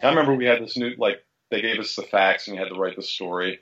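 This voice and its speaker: Guest writer, male, from Philadelphia, blunt profane storyteller, low-pitched, muffled recording. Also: fast, fairly bright tone. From Philadelphia area. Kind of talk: casual podcast interview.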